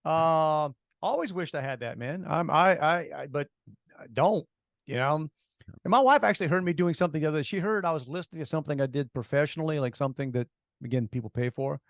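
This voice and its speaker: A middle-aged man co-hosting a casual talk show, animated and jumping between topics. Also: on the high side, fast talker, no room sound, studio quality. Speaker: co-host. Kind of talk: casual chat.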